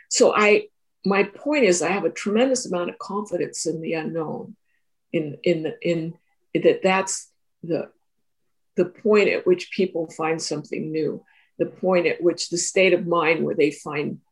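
A woman who is a teacher and therapist tells a reflective personal story in an interview, talking earnestly and often repeating and restarting her phrases. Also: fairly low pitch. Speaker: Three Principles teacher and therapist.

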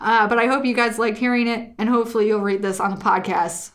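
A woman's voice: fairly high pitch, fast. Woman in her twenties, podcast co-host, laughs through casual storytelling. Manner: giggly, animated storytelling with frequent laughs. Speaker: podcast co-host reading listener stories. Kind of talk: casual chat.

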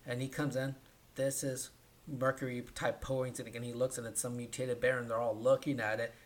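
A man's voice: medium pitch, little pitch movement, fairly quick, slight background noise. Man, podcast co-host, casual movie recap, acts out lines, keeps checking "right?". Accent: Californian.

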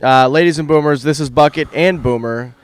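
A man's voice: fairly high pitch, fairly quick, clean tone. A tipsy man co-hosting a casual hockey podcast, blunt and full of swearing. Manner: profane, blunt. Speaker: podcast co-host. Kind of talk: drunk casual hockey chat.

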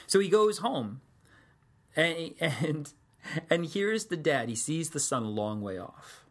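A man's voice: a little high, sing-song, slow pace, a bit bright. A man preaching a sermon, telling the story in a casual, conversational way with joking asides.

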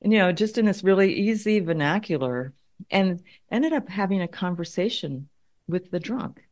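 A woman's voice: mid-range voice, lively intonation, normal speed, a little mellow. A middle-aged woman, a conflict consultant, telling a story in an interview; thoughtful, often repeating words as she works out her point.

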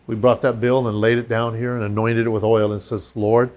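Speaking briskly in a mid-range voice, this man, a pastor, relates a story during casual conversation. He animatedly performs the quoted voices of its characters.

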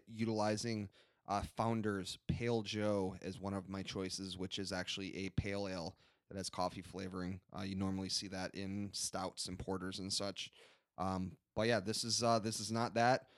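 A man's voice: deep voice, no room sound. Young man, beer podcast co-host, casual rambling talk, many fillers, dry close sound. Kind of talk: casual beer-tasting chat.

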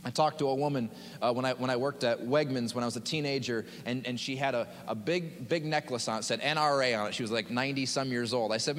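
A man's voice: mid-range voice, quick pace, fairly bright tone, a little hiss or hum. A man preaching a sermon as pastor, in an impassioned, dramatic way with repeated phrases. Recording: long hall reverb.

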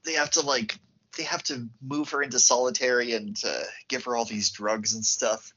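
A man co-hosting a casual film podcast with a husky voice, laughing often and mimicking characters. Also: medium pitch, steady tone, normal speed, pushed and bright, lo-fi sound. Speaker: podcast co-host.

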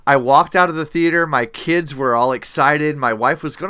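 A middle-aged man hosting a casual podcast chat, animated and steering the discussion. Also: fairly high pitch, normal speed, clean tone, dry recording. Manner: animated, leads the talk. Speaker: podcast host.

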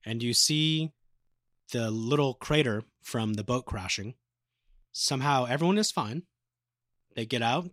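A man's voice: medium pitch, moderate pace, fairly bright tone, no echo, clean studio sound. A man co-hosting a podcast, casually retelling anime episodes with a swearing, joking manner. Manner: casual, profane retelling, acting out quotes. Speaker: podcast co-host.

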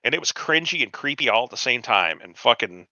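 A man's voice: medium pitch, lively intonation, a little fast, bright, forceful tone, no echo, dull audio. A man in his forties telling a long, profane, rambling anecdote on a casual podcast, acting out the quotes of people he met. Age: 40s. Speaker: podcast host. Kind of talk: casual storytelling chat.

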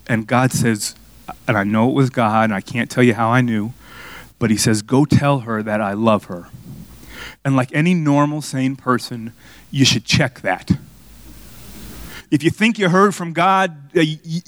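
Storytelling man preaching a sermon. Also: dry recording. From Miami. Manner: storytelling, conversational with the crowd, rising to excited highs. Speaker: pastor.

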